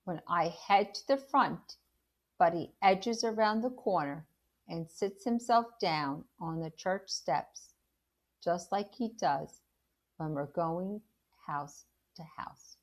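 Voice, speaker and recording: A woman reads a children's novel aloud in the manner of a teacher, animated and expressive in her storytelling. Her voice sits on the lower side and she takes her time. She breaks off now and then to put questions about the story to her listeners. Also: slow.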